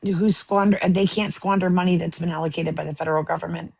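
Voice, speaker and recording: A woman's voice: lowish voice, steady tone, fast, gravelly, a little mellow, breathy edge, no echo. A woman moderating a political panel debate, quizzing the others in a pointed, sarcastic way.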